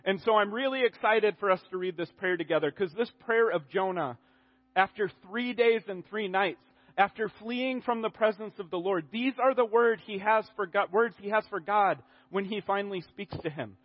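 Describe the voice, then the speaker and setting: A man preaching a sermon in an animated way, acting out the quotes and often restarting his sentences. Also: high-pitched, moderate pace. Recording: dull audio in a reverberant hall.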